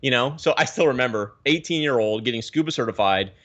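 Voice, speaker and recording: A man from the Pacific Northwest, a guest telling his story in a rambling, animated way with many restarts, on a video call. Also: mid-range voice, fast. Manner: animated, rambling, self-correcting. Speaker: guest, aquarium YouTuber.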